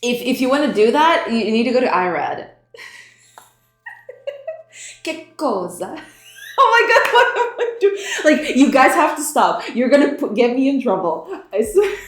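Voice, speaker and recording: A woman's voice: high voice, wildly swooping pitch, measured pace, pauses often, a bit bright. Young woman streamer rambling and giggling a lot, tripping over words, roomy echo, faint music in the back. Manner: giggly, laughs often, trips over words. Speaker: game developer streamer. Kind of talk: casual livestream chat, greeting viewers.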